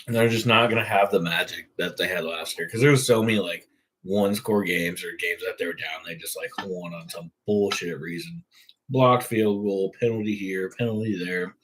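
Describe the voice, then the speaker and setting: Husky-voiced man rambling about sports. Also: sits low, moderate pace, a bit bright, poor audio. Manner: profane, rambling. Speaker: host. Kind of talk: casual sports talk.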